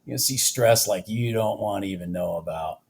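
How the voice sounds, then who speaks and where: A man trading futures live at his desk, excitable, repeating himself and cheering the market on, out of breath. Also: on the low side, moderate pace, breathy edge. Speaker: futures trader vlogging his trades. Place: home office.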